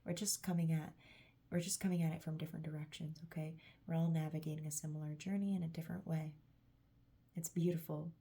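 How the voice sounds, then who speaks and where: A tired, emotional woman giving a gushing, affectionate channeled spiritual message to her viewers, laughing often and dropping into soft whispery asides. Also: lowish voice, vocal fry, breathy edge. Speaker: tarot reader and channeler.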